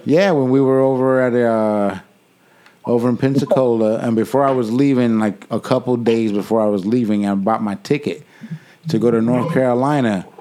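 A man co-hosting a casual podcast, telling a profane story and loudly acting out the voices in it between laughs. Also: medium pitch, moderate pace, a little hiss or hum. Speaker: podcast co-host.

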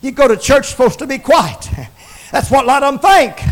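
Male preacher, very high-pitched, fervent broadcast sermon delivery with shouts and hushed asides. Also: lively intonation. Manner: swings from shouting to low murmurs, repeats words, halting restarts. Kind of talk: Pentecostal-style broadcast sermon.

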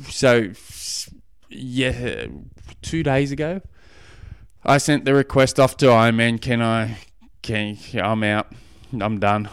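Aussie guy rambling thru a story on his podcast, smooth voice, dry close sound. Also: on the low side, no room sound. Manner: rambling storyteller, self-deprecating, many restarts. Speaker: podcast host. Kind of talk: casual spoken monologue.

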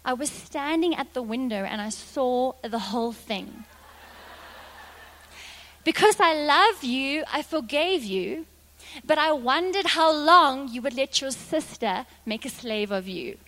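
A woman voicing a kind, loving old grandmother who speaks gently. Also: sits high, lively intonation, measured pace, long reverb tail, full character voice. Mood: gentle. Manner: gentle, warm.

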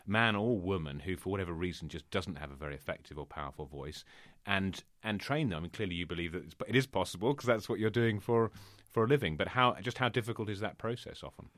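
A male interviewer with a very deep voice asks questions in a halting way, repeating words as he feels his way in. The sound is dry and close, with little room echo. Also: a bit bright.

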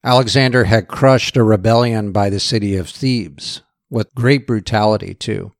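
A man's voice: on the low side, moderate pace, no echo, clean studio sound. A man giving a storytelling history lecture. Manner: relaxed storyteller.

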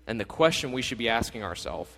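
A man giving a casual, energetic sermon as a youth pastor, talking conversationally and acting out quotes. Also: mid-range voice, fast talker, gravelly. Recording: long reverb of a hall.

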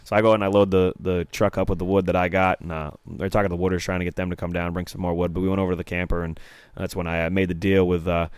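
A man's voice: low-pitched, little pitch movement, fast talker, clear, resonant tone, dry recording. A young man co-hosting a podcast in casual chat, rambling with lots of filler words. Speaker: podcast co-host.

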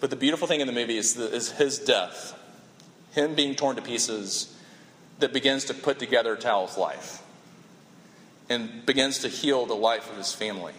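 A man preaching a sermon with impassioned, animated storytelling and dramatic pauses. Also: medium pitch. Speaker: pastor. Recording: echoey hall with long reverb.

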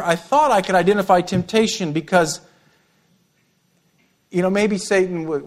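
A middle-aged male pastor preaching an animated sermon, with humorous asides and repeated words. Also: high-pitched.

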